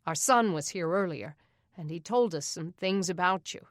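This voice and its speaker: Woman narrator reading a middle-aged sheriff, firm, level, calm authority, lowish voice, audiobook. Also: normal speed, no room sound, studio quality, lightly acted. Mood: firm, coaxing.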